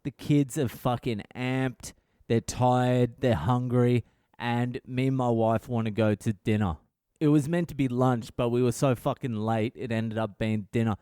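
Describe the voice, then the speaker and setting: Aussie comic, 30s, swearing storyteller, warm and smooth tone, dry close mic. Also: male voice, medium pitch, steady tone, a little slow, dry recording. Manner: swears constantly, rambling and exasperated. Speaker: comedian podcast host.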